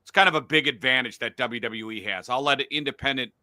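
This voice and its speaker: A man's voice: medium pitch, fast talker, sharp tone, no room sound. A middle-aged man hosting a casual sports podcast from a home studio, blunt and profane when he rants. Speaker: podcast host.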